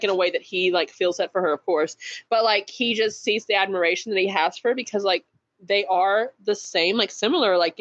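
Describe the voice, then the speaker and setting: A woman author talking through her book in loose, filler-heavy podcast chat, laughing easily between thoughts. Her voice sits at an ordinary middle pitch. The audio is a little dull and muffled, like a remote recording. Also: a bit bright. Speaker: author guest.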